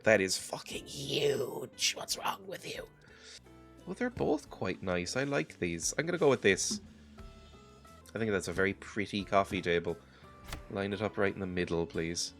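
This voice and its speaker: A sick man giving rambling, self-mocking commentary while playing a game, chuckling often. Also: fairly low pitch. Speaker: gaming video host. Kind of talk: casual let's-play commentary.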